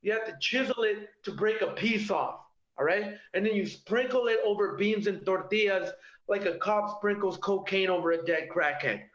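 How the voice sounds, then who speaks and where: Recorded at home in a roomy, dull lo-fi setting, a comedian performs stand-up in his kitchen. He has a high, fairly bright voice at normal speed and punctuates his punchlines with "okay?" and "all right?".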